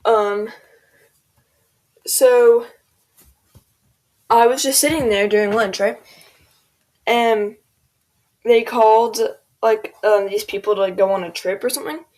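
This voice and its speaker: A woman's voice: fairly high pitch, fairly even intonation, slow pace, pauses often, a little mellow. A teenage girl rambling casually through a storytime over gameplay, full of "like" and "um", quoting people as she goes. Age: teens. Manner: rambling, filler-heavy, quotes people in voices. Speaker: gaming video creator.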